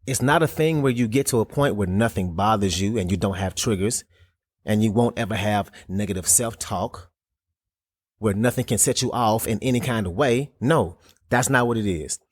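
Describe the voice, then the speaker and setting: A man hosting a solo motivational podcast, talking in an earnest, casual way with emphatic jumps in pitch. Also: normal speed, dry recording, clean studio sound. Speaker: podcast host.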